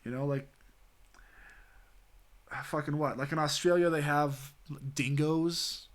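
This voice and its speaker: A man's voice: a little high, fairly even intonation, unhurried. Rambling man chatting on a live stream. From Southwestern United States. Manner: rambling, full of "you know" and "like", swears freely. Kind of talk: casual chat to a live stream audience.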